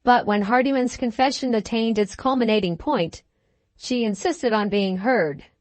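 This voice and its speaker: A woman's voice: on the high side, moderate pace, darkish tone, dry recording. Woman narrating a classic novel. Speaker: audiobook narrator.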